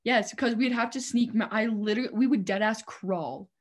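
A young woman co-hosting a casual chat, telling animated stories and swearing a lot. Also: fairly high pitch, normal speed. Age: young adult.

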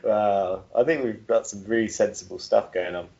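A man's voice: lowish voice, normal speed, gravelly, warm tone, dull audio. A man co-hosting a podcast, chatting casually and playfully riffing on ideas. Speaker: podcast co-host. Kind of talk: casual chat.

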